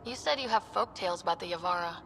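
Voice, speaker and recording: Game lead: a confident, upbeat young explorer. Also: female voice, lowish voice, very fast, a bit bright, a little hiss or hum. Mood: curious.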